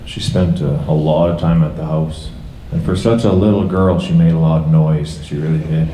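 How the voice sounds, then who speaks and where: A middle-aged man speaks unscripted at a memorial, halting and restarting often. His voice is very low and mellow, and it rings in a church hall with a faint hum of room noise behind it. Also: fairly even intonation. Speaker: father of a friend giving a memorial tribute. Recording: echoey hall.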